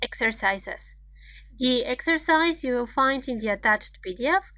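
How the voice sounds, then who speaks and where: A woman giving an English grammar lesson, explaining rules slowly and deliberately, step by step. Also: a little high, expressive, pushed and bright, no room sound.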